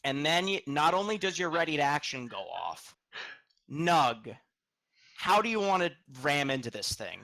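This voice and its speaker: A man's voice: a little high, very animated, unhurried, gravelly, sharp tone. A man running a tabletop game as game master, describing monsters with stammers and restarts.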